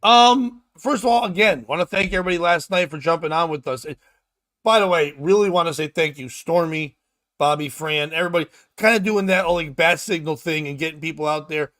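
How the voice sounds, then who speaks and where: Loud, animated male comedy host. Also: a little high, brisk, dry recording, clean studio sound. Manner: loud, animated, crude joking with sudden shouts. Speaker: podcast host. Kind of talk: casual comedy chat.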